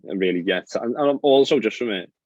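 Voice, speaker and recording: Young man, golfer guest, quick chatty storytelling, dull lo-fi recording. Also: lowish voice, darkish tone, dry recording. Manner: fast, chatty storytelling with frequent fillers and laughs. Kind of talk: casual podcast chat. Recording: dry, dull lo-fi sound.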